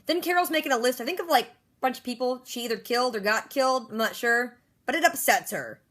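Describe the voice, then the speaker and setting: A woman recapping a TV episode in a rapid, chatty way, dropping sarcastic asides. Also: on the high side, expressive, fairly bright tone. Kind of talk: casual fast-paced episode recap.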